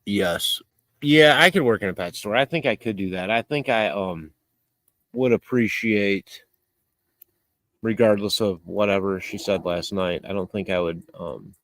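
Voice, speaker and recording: Man, livestream host, casual rambling chat, self-mocking, animated pitch, dry close sound. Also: normal speed, dry recording. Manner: rambling and self-mocking, with frequent laughs and fillers. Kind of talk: casual chat, reading out viewer comments.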